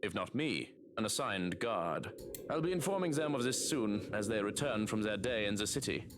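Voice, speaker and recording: A man voicing a calm, protective male servant who speaks in a measured, businesslike way. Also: lowish voice, noisy background, pitched below the performer's own voice, close to an everyday voice.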